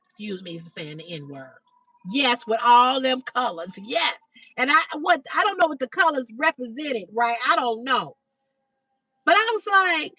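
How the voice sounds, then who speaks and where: A middle-aged livestream host tells a casual story to her live chat in a bright, high, expressive voice at normal speed, swearing freely and pitching up higher when acting out quoted lines. The low-quality recording is dry with no echo, picked up from far from the mic.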